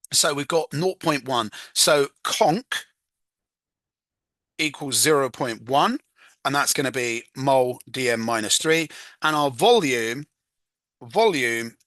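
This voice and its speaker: A chatty man talks through a chemistry exam question like a casual tutor, poking fun at his own slips and humming "da da" as he writes. His mid-range voice is bright and forward, captured close and dry with no room sound.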